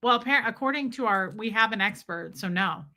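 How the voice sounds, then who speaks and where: A woman's voice: medium pitch, brisk. A woman hosting a livestream and reading viewer messages in casual, playful chat, swearing freely and slipping into mock voices. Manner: playful and animated, breaks into bits of song and mock voices. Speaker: livestream host reading viewer super chats.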